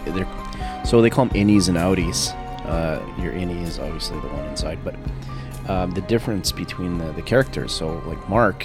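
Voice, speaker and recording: Very deep-voiced hesitant man. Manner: agreeable, hesitant, many fillers and backchannels. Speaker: podcast co-host. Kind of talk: casual chat about a TV show.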